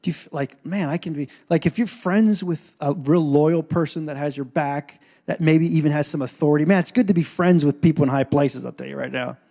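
A man preaching a sermon as pastor, telling stories and acting out scenes, swinging from quiet asides to loud points. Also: a little high, brisk, vocal fry, few pauses.

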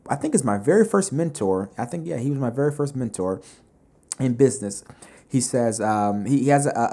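Mellow-voiced man telling business stories. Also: medium pitch. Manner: animated storyteller, conversational with many fillers. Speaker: business podcast host. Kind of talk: casual motivational talk.

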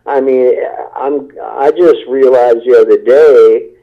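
A man's voice: mid-range voice, slow. A man, a rock singer, giving an interview and talking casually and enthusiastically, rambling with many fillers and restarts. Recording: tinny phone line.

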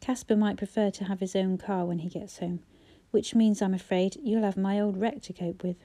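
A woman's voice: medium pitch, fairly even intonation, moderate pace, warm tone, close to an everyday voice. Woman reading as an earnest, caring young man. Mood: considerate.

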